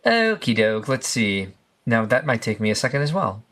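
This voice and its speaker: A man's voice: mid-range voice, very animated, normal speed, fairly bright tone. A man co-hosting a live stream, chatting casually and rambling through pictures with lots of fillers. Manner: rambling, filler-heavy, easygoing. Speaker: stream co-host.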